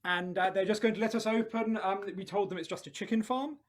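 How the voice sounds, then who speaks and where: A man playing a smooth, smug husband with a put-on British manner who calls everyone darling in a live improv comedy scene. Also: sits high, steady tone, fairly quick, close to an everyday voice. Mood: breezy. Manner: breezy, faux-British, says darling constantly. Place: live stage show.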